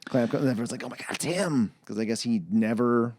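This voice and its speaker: A man's voice: medium pitch, darkish tone, no room sound. A man co-hosting a casual movie podcast, joking and laughing as he recaps scenes. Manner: jokey, laughs often, does quick voices for characters. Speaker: podcast co-host. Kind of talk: casual movie review chat.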